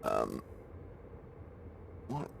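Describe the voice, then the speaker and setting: A man's voice: extremely slow, slight background noise. A man streaming a game, chatting casually, thinking aloud and laughing often. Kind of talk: casual gameplay chat.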